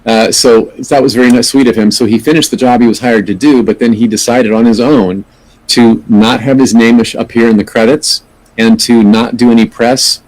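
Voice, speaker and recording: A man's voice: mid-range voice, fairly even intonation, normal speed, a little mellow, poor audio. A middle-aged man, an actor, giving thoughtful, earnest answers in an interview and often restarting his sentences. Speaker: actor, podcast guest.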